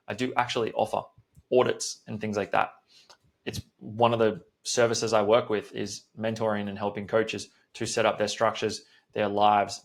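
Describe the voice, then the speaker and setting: A man's voice: fairly low pitch, gravelly. A man hosting a solo podcast as a coach, talking bluntly and swearing often in a direct motivational pep talk.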